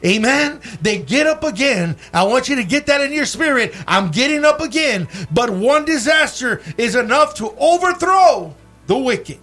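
A man's voice: very high-pitched, sing-song, normal speed, bright, forceful tone, faint music behind. A man preaching a bilingual sermon, switching between English and Spanish and calling out for amens from the congregation.

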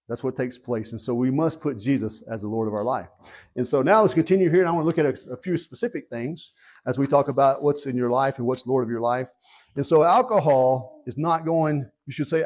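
Pastor, male, somewhat high voice, earnest and repetitive preaching, muffled lo-fi recording. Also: a little mellow. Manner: earnest, repetitive, asks rhetorical questions. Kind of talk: sermon with opening prayer.

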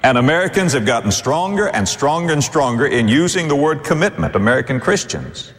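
A man preaching a sermon with emphatic rhetorical questions and sweeping pitch swings. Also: expressive, brisk, long reverb tail.

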